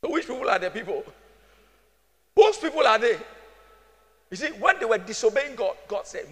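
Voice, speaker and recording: A man's voice: extremely high pitch, sing-song, moderate pace, long pauses, a bit bright. A man preaching a sermon as pastor, calling the congregation to answer and acting out the people in his stories. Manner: preaching with call-and-response, acting out voices. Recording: music with long hall reverb.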